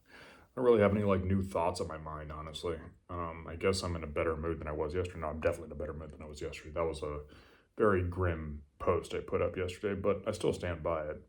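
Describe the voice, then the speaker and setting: Deep-voiced tipsy American man rambling. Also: fairly even intonation, quick pace. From Los Angeles. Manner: rambling, profane, offhand; talks low and quiet. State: a little drunk. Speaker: vlogger. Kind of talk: late-night rambling monologue.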